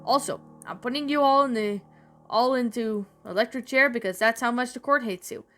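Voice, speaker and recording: A woman's voice: fairly high pitch, normal speed, faint music behind, natural voice. A woman doing a harsh male cartoon judge. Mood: stern. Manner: pronouncing sentence loudly.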